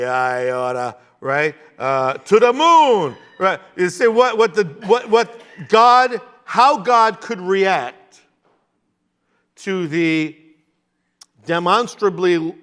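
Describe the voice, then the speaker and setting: A man teaching a verse-by-verse sermon, animated, with jokey asides. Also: high voice, slow, clean tone. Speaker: Bible teacher.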